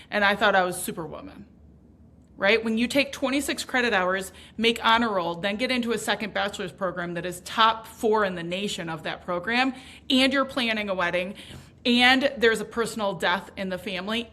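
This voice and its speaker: A woman in her thirties, a podcast guest, telling her own story candidly in an emphatic, animated way and swearing casually. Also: mid-range voice.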